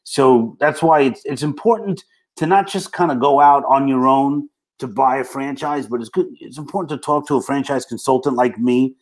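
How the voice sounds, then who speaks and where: A man's voice: medium pitch, moderate pace. A man with a Brooklyn accent, speaking as a franchise consultant guest in a casual interview, plain-spoken and easygoing.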